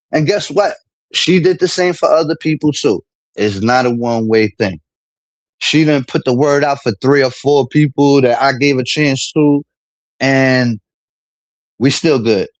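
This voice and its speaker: A man's voice: mid-range voice, no echo. A man streaming a casual, heated monologue, full of street slang and repetition as he vents about a friend.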